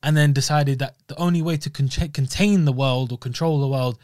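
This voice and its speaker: A man, co-hosting a podcast in casual chat, talking in a measured, reasoning way. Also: mid-range voice, darkish tone, no room sound, clean studio sound. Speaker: podcast co-host.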